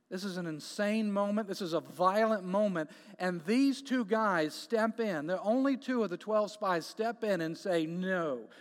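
Preacher, male, high-pitched, emphatic and repetitive, long hall reverb. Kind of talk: sermon.

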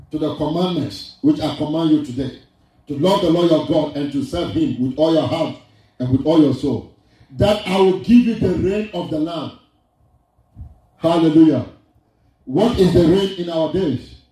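A man's voice: on the high side, lively intonation, moderate pace, long pauses, mellow. A man preaching a sermon, repeating his lines for emphasis in a sing-song cadence. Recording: distant, very echoey hall with faint music.

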